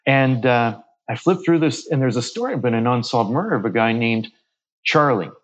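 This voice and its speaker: A man of middle pitch telling a story as a podcast guest, slipping into the voices of the people he quotes. He often restarts and repeats his words, and the audio is slightly dull and muffled. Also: moderate pace. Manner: acts out quoted dialogue while retelling a story. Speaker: guest medium.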